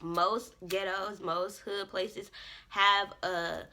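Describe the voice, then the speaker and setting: A young woman vlogger telling a casual storytime, animated and profane, often jumping into loud quoted self-talk. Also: medium pitch, extremely slow, slight background noise.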